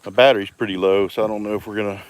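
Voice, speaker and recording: A homestead vlogger with a fairly low voice talks at a racing pace while walking around his property outdoors on a live stream, holding his phone. He's relaxed and chatty, greeting viewers by name.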